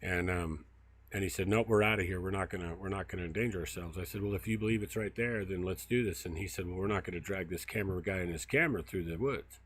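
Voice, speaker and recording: Guy with a really low voice chatting on a livestream outside in the brush, lots of ums. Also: fast, a bit bright. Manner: rambling storyteller, many fillers. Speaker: field researcher and livestream host. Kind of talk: casual walk-and-talk livestream. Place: outdoors in brushy woods by a river.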